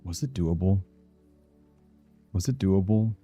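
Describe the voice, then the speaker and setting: A gaming streamer, low-voiced and slow, mutters his worried plans aloud during let's play commentary. His tone is dark and slightly rough, with faint music in the background.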